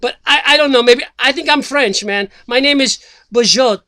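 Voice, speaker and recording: A man's voice: extremely high pitch, moderate pace, sharp tone, no echo. A man playing a rambling slacker who announces a presidential run, talking in a loose comedic monologue full of fillers and swearing. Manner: rambling, filler-heavy, swears, loses his thread. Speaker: self-styled presidential candidate.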